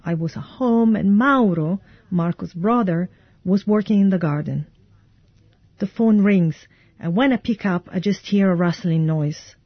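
A woman giving an interpreter's voice-over, calm and measured. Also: mid-range voice, breathy edge, lo-fi sound. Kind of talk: translated voice-over.

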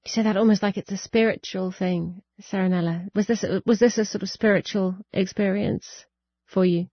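A woman interviewing a guest, gently restarting her questions as she goes. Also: mid-range voice, fairly even intonation, moderate pace, no room sound, highs cut off.

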